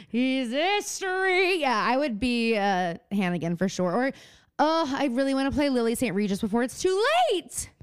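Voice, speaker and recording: A woman co-hosting a podcast in casual chat, animated and profane, breaking into mocking impressions. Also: fairly high pitch, moderate pace, clean tone, no echo, studio quality. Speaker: podcast co-host.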